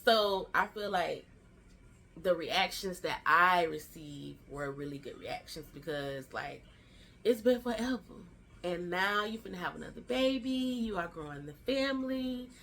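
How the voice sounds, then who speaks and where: A woman in her thirties telling a chatty, animated storytime to her vlog viewers. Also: lowish voice, a little slow, a little hiss or hum. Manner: animated storytelling, acts out quoted family lines; chatty and slangy, fillers like "child" and "y'all". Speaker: vlogger.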